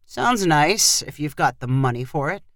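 A woman reading aloud plays a thrifty old grandfather in a storybook, curt and dry. Her voice drops low and soft for him, with a dry close sound. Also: big pitch swings, normal speed, no room sound, full character voice.

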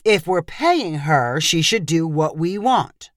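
A woman's voice: sits low, very animated, takes it slowly, no echo, exaggerated voice. A woman reads as a stubborn, grumpy dad who whines his complaints, his voice rising and falling in wide swings. Close and dry, nothing around it. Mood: complaining. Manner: whiny, complaining. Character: grumpy stubborn middle-aged father.

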